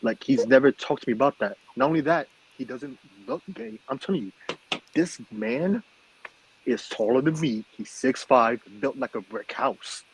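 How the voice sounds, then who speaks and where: A man's voice: medium pitch, expressive, moderate pace, background noise. A man co-hosting a podcast, telling stories in emphatic casual chat and checking in with his listeners again and again. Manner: emphatic storyteller, keeps asking "okay?". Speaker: podcast co-host.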